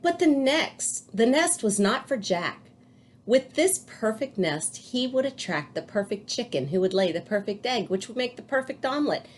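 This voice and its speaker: A woman's voice: mid-range voice, big pitch swings, moderate pace. A woman, a teacher, reading a picture book aloud to children and adding chatty asides.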